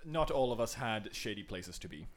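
A man with a low voice narrates an improvised scene at a tabletop game. He halts and restarts often, searching for words. His pace is unhurried. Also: expressive.

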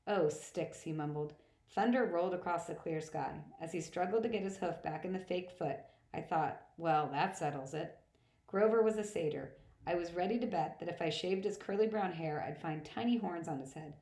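A woman reading first-person novel narration aloud in a plain, steady manner. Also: lowish voice, fairly quick. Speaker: audiobook reader. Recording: roomy echo.

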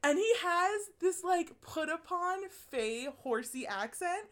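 A woman's voice: extremely high pitch, animated, slow. A woman in casual podcast chat, talking animatedly, laughing often and swearing as she raves about a book.

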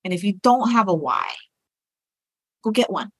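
A woman's voice: medium pitch, big pitch swings, moderate pace, fairly bright tone, breathy edge, no echo, low-quality recording. A woman talking casually as a guest, earnest and encouraging. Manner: earnest and encouraging, with fillers and restarts. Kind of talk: casual conversation.

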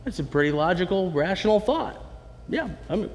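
A man preaching a sermon in a conversational, animated way, with asides to the congregation. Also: sits high, moderate pace, in a large hall. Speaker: pastor.

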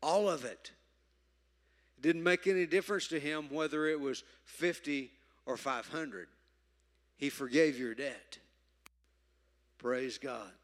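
A man preaching a sermon, emphatic, moving from loud stresses to quiet asides. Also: on the high side, slow, long pauses. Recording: reverberant hall.

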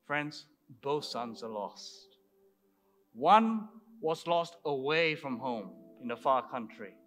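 A man's voice: mid-range voice, expressive, slow, a bit bright. A man preaching a sermon, retelling a story with emphatic rhetorical asides to his congregation.

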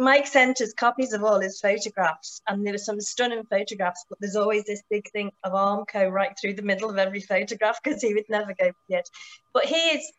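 A woman's voice: mid-range voice, a bit bright, muffled recording. Enthusiastic woman telling riding stories. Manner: enthusiastic, many restarts and fillers. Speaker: motorcycle tour operator. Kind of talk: casual storytelling.

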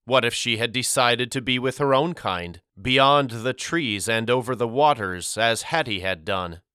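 Man reading a storybook out loud, slow and measured, dry close sound. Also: mid-range voice, clean tone, no room sound. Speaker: audiobook narrator. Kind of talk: first-person storybook narration.

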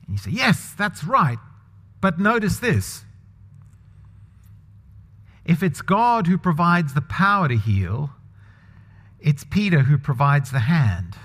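A man gives a sermon in a relaxed, conversational manner and keeps asking the congregation questions. His voice sits a little higher than most men's. The sound carries a long reverb, as in a church hall. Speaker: pastor.

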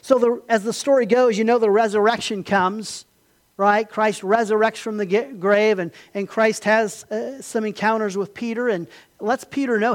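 High-voiced impassioned male preacher. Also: fairly even intonation, moderate pace. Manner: impassioned, rising to emphatic peaks then dropping quiet. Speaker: pastor. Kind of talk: sermon.

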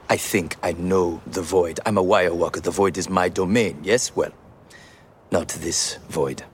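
A French wire walker, low-voiced. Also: male voice, slight background noise. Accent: French-accented English. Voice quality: wobbly put-on accent, intimate storytelling. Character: daring young male French wire walker. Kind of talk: film voice-over narration. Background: faint film score.

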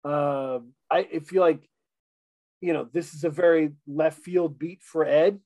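An eager man chatting on a podcast, his voice sitting a touch high. He trips over his words and restarts often, and the sound is dry with no room around it. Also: fairly even intonation, measured pace, mellow, dry recording. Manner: enthusiastic, lots of fillers and restarts. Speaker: podcast co-host reviewing an album. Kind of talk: casual chat.

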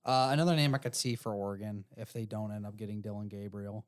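A man co-hosting a sports podcast in a relaxed, slightly tired way. He lays out his opinions on teams and players with easy confidence. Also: lowish voice, fast talker. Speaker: podcast co-host. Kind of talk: casual sports chat.

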